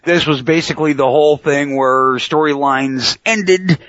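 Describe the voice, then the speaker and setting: A man's voice: a little high, measured pace, a bit bright, no echo. A man hosting a casual wrestling talk radio webcast, brash and joking, breaking into announcer patter. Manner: brash, mock-announcer bursts. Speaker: show host. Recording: dry dull lo-fi audio.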